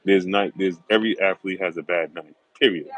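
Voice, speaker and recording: A man's voice: deep voice, fairly even intonation, fairly quick, fairly bright tone, poor audio. A middle-aged man hosting a sports livestream, greeting viewers by name and making confident, emphatic predictions, repeating himself for stress. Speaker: sports talk show host.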